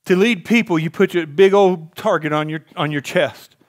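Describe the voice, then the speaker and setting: A middle-aged man preaches a sermon from a church pulpit with a fairly high voice. He swings between hushed passages and loud, impassioned climaxes. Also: moderate pace. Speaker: pastor. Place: church sanctuary.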